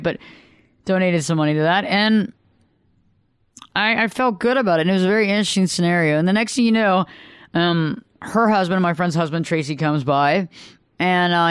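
A male radio host telling a story in a chatty, animated monologue, often restarting sentences and acting out what others said. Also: fairly high pitch, clear, resonant tone, no room sound, clean studio sound. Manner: animated, chatty, frequent restarts and acted-out quotes.

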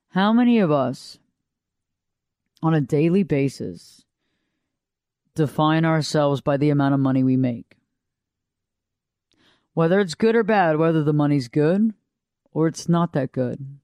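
A woman with a lower voice than she'd like, giving an unhurried, reflective motivational talk that repeats phrases and asks the listener questions. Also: a little mellow, dry recording, clean studio sound. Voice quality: lower voice than she wished for. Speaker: motivational speaker.

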